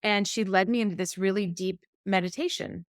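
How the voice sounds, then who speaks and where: A woman's voice: medium pitch, brisk, dry recording, clean studio sound. A woman co-hosting a podcast, telling a personal story in casual chat and acting out the quoted voices. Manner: animated storyteller, acts out quotes. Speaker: podcast co-host.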